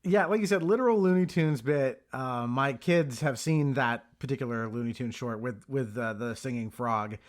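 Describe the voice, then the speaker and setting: A man's voice: mid-range voice, normal speed, hardly any pauses. A man in his thirties hosts a casual podcast chat, recapping a film scene by scene. His talk is easygoing and full of ums and uhs. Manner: chatty, lots of ums and uhs. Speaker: podcast host.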